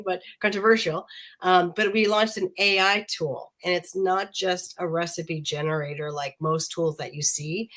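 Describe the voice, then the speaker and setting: A woman's voice: fairly low pitch, fairly bright tone. A woman, a panel guest just over the flu, chatting casually with many restarts. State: recovering from flu. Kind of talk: casual chat.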